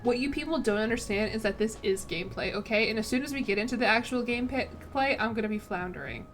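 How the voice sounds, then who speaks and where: A woman's voice: on the high side, fast, a little hiss or hum. A young woman streaming a strategy game, chatting casually and thinking aloud in a self-deprecating way. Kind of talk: casual gameplay commentary.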